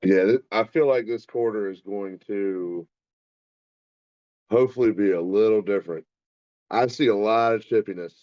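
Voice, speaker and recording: A man's voice: on the low side, moderate pace, long pauses, no echo, dull audio. A man co-hosting a football stream, laid-back, chiming in with short agreeing remarks and reactions. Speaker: co-host giving reactions. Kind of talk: casual sports commentary.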